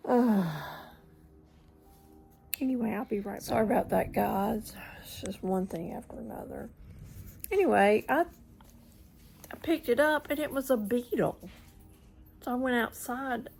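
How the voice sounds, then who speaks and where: A woman's voice: on the high side, unhurried, creaky, pauses often, a little mellow, husky, rough recording. A woman chatting casually to camera at home, rambling, trailing off and slipping into whispered asides. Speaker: vlogger. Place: at home in front of a mirror.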